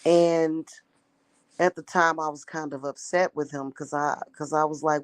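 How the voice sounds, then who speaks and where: A woman's voice: low-pitched, fairly even intonation, measured pace, smooth, dry recording. A woman talking casually in a vlog monologue, rambling and repeating herself with emphatic restarts. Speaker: spiritual practitioner.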